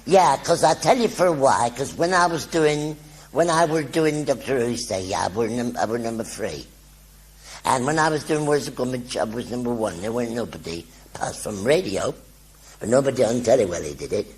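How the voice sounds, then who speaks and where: A man's voice: mid-range voice, animated, normal speed, pitched above the performer's own voice, natural voice. A man doing a rustic scarecrow with a broad burr. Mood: fond, chatty. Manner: broad country dialect, homely and chatty. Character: cheerful rustic male scarecrow, simple and fond.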